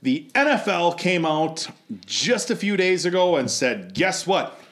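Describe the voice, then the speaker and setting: A man's voice: high-pitched, very animated, a little slow, a bit bright. A man hosting a podcast in casual chat, rambling and swearing, often laughing as he talks. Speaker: podcast host.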